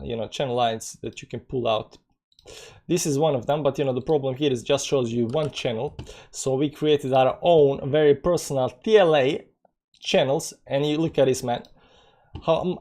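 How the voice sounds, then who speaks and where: A man hosting a casual live stream, reading chat and talking through charts in a rambling, filler-heavy way, low on energy. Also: darkish tone. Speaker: crypto live stream host.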